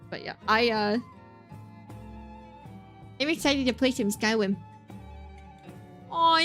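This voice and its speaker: A young woman chatting casually with her stream audience from home, her voice sitting high and light. She talks in a bubbly, giggly way, and soft music plays faintly behind her. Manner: chatty and bubbly, laughs often. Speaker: game streamer. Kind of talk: casual chat with stream viewers.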